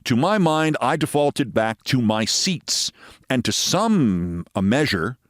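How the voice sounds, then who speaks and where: A man's voice: mid-range voice, big pitch swings, slow pace, no echo, clean studio sound. A man in his sixties, a show host, telling a personal story as a monologue with dramatic, emphatic delivery. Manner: dramatic, emphatic storytelling with sudden loud bursts.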